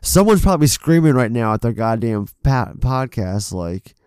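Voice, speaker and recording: A man's voice: medium pitch, sing-song, normal speed, darkish tone, clean tone, no room sound, clean studio sound. A man co-hosting a podcast in casual, rambling chat, swearing freely and poking fun at himself. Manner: profane, rambling, self-deprecating. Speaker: podcast co-host.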